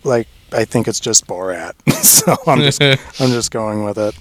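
A man's voice: on the low side, animated, a little slow, dry recording. A man co-hosting a casual podcast, chatting with joking asides. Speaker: podcast co-host. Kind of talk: casual chat.

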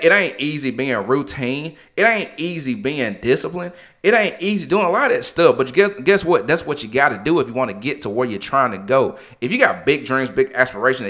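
A man delivers a motivational podcast monologue. His voice is bright and forceful, and he talks informally and preaches encouragement, hammering his points with repetition. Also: mid-range voice. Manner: impassioned, preachy, informal, repeats phrases. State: emotional. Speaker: podcast host.

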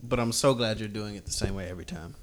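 A man's voice: lowish voice, fast, a little hiss or hum. A young man hosting a casual podcast, teasing his friends and laughing often. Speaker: podcast host.

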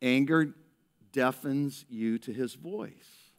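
A male pastor preaching a lively sermon to his church, acting out people in a raised voice and dropping to a hushed tone in prayer. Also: mid-range voice, slow. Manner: animated, acts out characters in raised voice, drops to hushed prayer. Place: church service.

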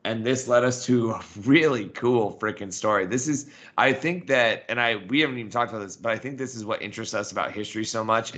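A man co-hosting a casual history podcast, with a low-set voice. His tone is bright and forceful as he explains background details and reads out passages from a book. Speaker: podcast co-host.

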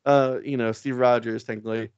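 A man in casual podcast chat, rambling excitedly with lots of fillers and swearing. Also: medium pitch, a little fast, clear, resonant tone, no room sound, muffled recording. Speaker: podcast co-host. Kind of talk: casual chat recapping comics.

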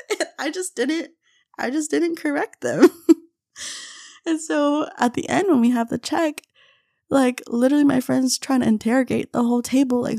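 Chatty young woman with a gravelly voice. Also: fairly high pitch, normal speed, darkish tone, no echo, studio quality. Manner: chatty, laughs often, mimics friends in quotes. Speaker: podcast host. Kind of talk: casual storytelling monologue.

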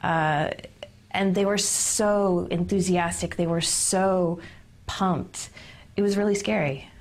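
A woman answering in an interview, describing events in a measured, serious way. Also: on the low side, steady tone.

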